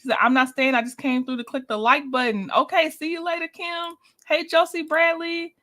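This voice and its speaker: Livestream host, woman, bright and somewhat high voice, chatty, laughs easily. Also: flat delivery, moderate pace. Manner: chatty, greets viewers by name, laughs often. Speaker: livestream host reviewing a reality show. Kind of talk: casual livestream chat.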